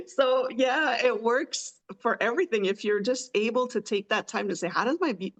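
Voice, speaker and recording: A woman's voice: a little high, moderate pace, hardly any pauses. A woman hosting a podcast in casual chat, chatty and often laughing as she talks. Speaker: podcast host.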